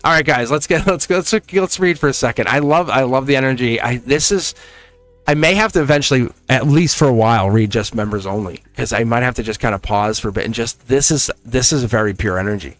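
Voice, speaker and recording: A tarot reader who hosts a channel chats casually and briskly to members on a live stream, laughing a lot and acting out quoted exchanges with animation. His pitch is an ordinary middle level for a man, with soft music faint in the background.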